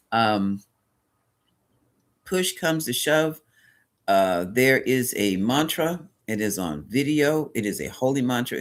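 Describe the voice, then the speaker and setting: A man's voice: mid-range voice, fairly bright tone. A man hosting a spiritual live stream, chatting casually and rambling, often correcting himself and greeting viewers by name.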